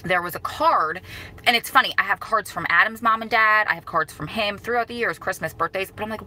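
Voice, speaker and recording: Bright-voiced grieving woman vlogger. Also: medium pitch, brisk, rough recording. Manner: rambling and apologetic, many restarts. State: emotional, holding back tears. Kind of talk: casual talk to camera.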